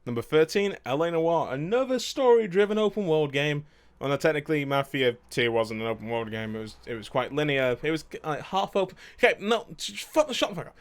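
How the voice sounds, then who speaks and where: A man's voice: fairly high pitch, big pitch swings, a little fast, clear, resonant tone. Rambling young man ranking games. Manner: rambling, self-correcting, swears casually. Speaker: video game streamer. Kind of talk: casual chat, ranking favourite games.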